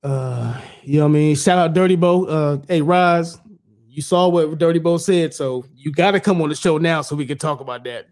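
Middle-aged man, slightly high but mellow voice, rambling, blunt podcast regular. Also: normal speed. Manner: rambling, repeats "you know what I'm saying", blunt and profane. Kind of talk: casual podcast chat.

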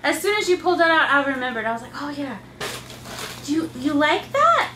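A woman's voice: high-pitched, very animated, fast, bright, forceful tone, a little hiss or hum. A woman, a mother and channel host, chatting through a casual unboxing and talking sing-song baby talk to her little kids. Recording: echoey room, mic far off, faint ambience.

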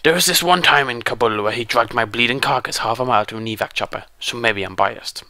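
A British man voicing an adult male army colonel's grim broadcast, read aloud in a flat, hushed way. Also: medium pitch, quick pace, no echo.

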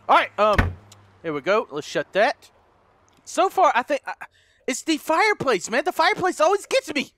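A man's voice: extremely high pitch, sing-song, normal speed, pushed and bright. A man playing a horror game for viewers, talking to them as he goes, often panicking, screaming and swearing at the monsters. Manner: talks to viewers as guys. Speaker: gaming YouTuber. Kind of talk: let's play commentary.

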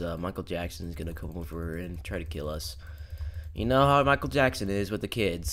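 A young man giving rambling, profane, jokey commentary while playing a horror game, breaking into sudden shouts. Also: low voice. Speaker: gaming YouTuber. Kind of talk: casual let's-play commentary.

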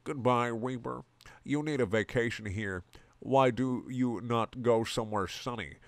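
A man's voice: medium pitch, measured pace, no room sound, lightly acted. A man voicing a swaggering, smug male cat hero who talks in a cool, clipped, stilted way.

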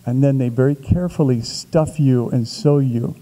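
Dark-voiced man telling a vivid story. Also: mid-range voice, moderate pace, rough recording. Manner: vivid, building storyteller who shifts pace for effect; casual, with small restarts and fillers. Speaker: author answering a question. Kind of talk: long storytelling anecdote in a Q&A.

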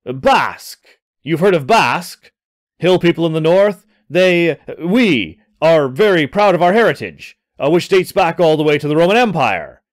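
A man's voice: a little high, expressive, a little slow, no echo, clean studio sound. A man voicing a flustered young male time traveller who stammers and rambles through excuses.

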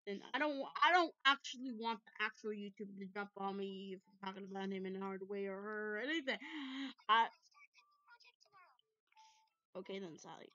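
A woman rambling through casual game commentary, excitable and prone to sudden loud outbursts. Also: mid-range voice, fast, smooth, no echo. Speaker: gameplay commentator. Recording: dull lo-fi dry recording.

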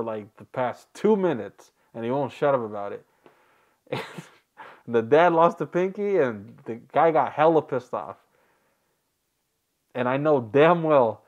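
A man's voice: medium pitch, a little mellow, lo-fi sound. A man hosting a reaction video, chatting casually, rambling and joking with frequent laughs.

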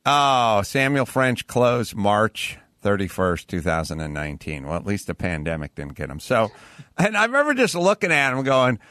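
A man's voice: lowish voice, animated, normal speed, a bit bright, dry recording, clean studio sound. A man hosting a podcast, telling rambling, profane anecdotes in casual chat. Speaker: podcast host.

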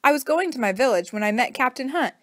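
A woman's voice: high voice, animated, fast, no room sound, studio quality, voice pushed up. A woman reading the part of a captive Native man in a storybook, speaking earnestly and urgently.

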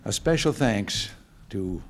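Older man, low-ish voice, relaxed folksy speaker with dry humor, addressing a staff gathering. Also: slow pace, noisy background. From United States. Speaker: president giving remarks. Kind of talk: informal speech with joke stories. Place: hotel function room.

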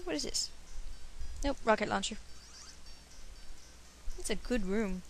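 A woman's voice: medium pitch, expressive, slow pace, soft background music. A young woman giving casual, bubbly let's-play commentary from home, giggling and chatting to her cat. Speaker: let's player.

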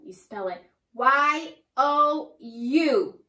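A woman teaching a preschool lesson to young children, with a slow, sing-song and exaggerated teacher delivery. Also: sits high, expressive, sharp tone. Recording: echoey room, far from mic.

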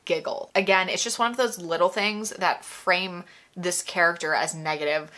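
Bright, emphatic woman in commentary. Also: fairly low pitch, fairly even intonation, moderate pace. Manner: emphatic, full of exasperated rhetorical questions; casual, filler-heavy with frequent "like". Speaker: video essay host. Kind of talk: video essay commentary.

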